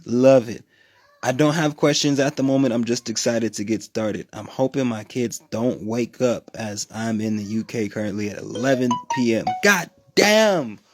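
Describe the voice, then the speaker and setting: Brief: man, livestream host at home, loose, cursing, rambling talk, mid-pitched. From New Mexico, USA. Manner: profane, rambling, animated. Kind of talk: casual livestream chat.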